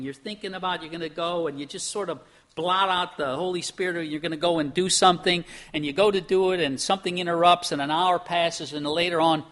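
A pastor from Pennsylvania preaches in a high, ringing man's voice with a bright, forceful edge. He keeps it conversational, asks his listeners rhetorical questions and acts out little quoted exchanges. He often repeats a word as he restarts a thought. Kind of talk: sermon.

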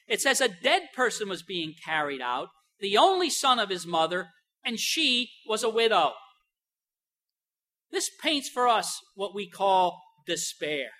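An older woman delivering a sermon in a bright, fairly high voice. She preaches emphatically, drawing key phrases out slowly and moving between quiet asides and loud stresses.

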